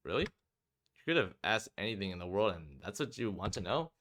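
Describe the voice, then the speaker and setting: A man's voice: on the low side, sing-song, normal speed, fairly bright tone. A man voicing a defiant young male student who speaks curtly and sarcastically. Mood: earnest. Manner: curt, sarcastic, muted.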